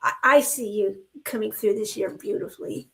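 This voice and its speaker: A woman in her sixties co-hosting a chat, talking in an animated, expressive way. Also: mid-range voice, moderate pace, gravelly. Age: 60s. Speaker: co-host. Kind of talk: casual chat.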